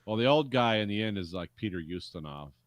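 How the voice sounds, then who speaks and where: A man with a very low voice co-hosting a casual movie podcast. He speaks in an easygoing way, mostly with short replies and the odd knowing aside. The sound is dry and close. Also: expressive, brisk, no room sound. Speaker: podcast co-host.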